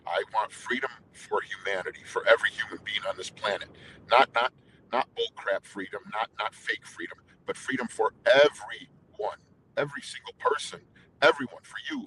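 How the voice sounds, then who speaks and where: A man's voice: on the low side, moderate pace, pushed and bright, a little hiss or hum, poor audio. A middle-aged man, a singer being interviewed, telling stories intensely with many restarts. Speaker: guest singer. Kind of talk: casual interview talk.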